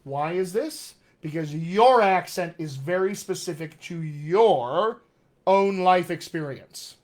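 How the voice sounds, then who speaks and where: A man's voice: high voice, expressive, takes it slowly, a little mellow. A man teaching accents on a live stream, reading viewer comments aloud in an upbeat, chatty, encouraging way. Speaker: dialect coach.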